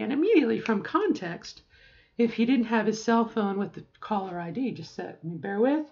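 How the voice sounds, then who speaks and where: A woman's voice: on the high side, animated, moderate pace, darkish tone, muffled recording. Chatty middle-aged woman vlogging. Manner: chatty, often checks in with "okay?"; rambling with asides. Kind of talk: casual talk to camera.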